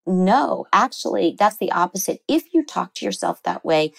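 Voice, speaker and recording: A middle-aged woman therapist explaining things earnestly in an interview, lively when she quotes people. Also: mid-range voice, normal speed, gravelly, hardly any pauses, rough recording. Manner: earnest, explanatory, animated when quoting others. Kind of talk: interview conversation.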